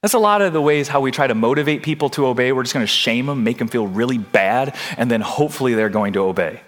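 A man's voice: medium pitch, lively intonation, fast talker. A man preaching a sermon as a pastor, earnest, putting questions to his congregation.

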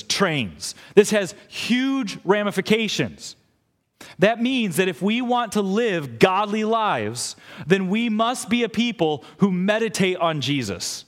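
A man preaching a sermon as pastor, emphatic and firing rhetorical questions at the listeners. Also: a little high. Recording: long hall reverb.

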